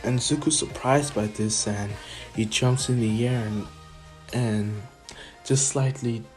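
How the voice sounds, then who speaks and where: A man's voice: medium pitch, steady tone, slow, a little mellow, soft background music. A man casually retelling an improvised fan story, rambling with many restarts and chuckles.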